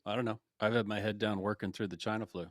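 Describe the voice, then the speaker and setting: A man's voice: fairly low pitch, fairly even intonation, quick pace, no echo. A man co-hosting a podcast in casual chat, breaking in with short, dry wisecracks. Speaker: podcast co-host.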